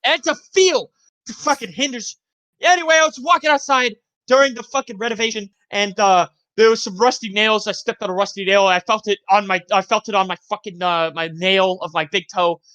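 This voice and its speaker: A young man in his twenties, co-hosting a casual podcast, rambling through profane childhood stories with animated yelps and laughter. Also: high-pitched, a little fast, dry recording. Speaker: podcast co-host. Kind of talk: casual chat, storytelling.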